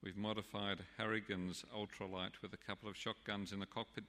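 A man voicing a cheeky Irish pub regular with a folksy, excitable manner, heard with the long reverb of a church. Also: fairly low pitch, a little fast. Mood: jaunty.

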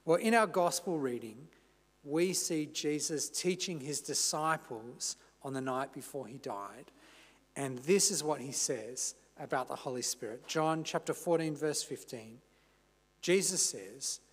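A man preaching a sermon as pastor, measured and unhurried, with the odd casual aside. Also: on the high side, slightly rough, long reverb tail. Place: church.

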